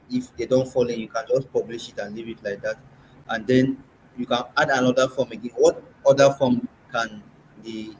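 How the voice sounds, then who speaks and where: A man's voice: mid-range voice, a little mellow, slight background noise, poor audio. A man with a Nigerian accent teaching an in-person workshop, patiently quizzing the class and repeating sounds aloud. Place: classroom or meeting room.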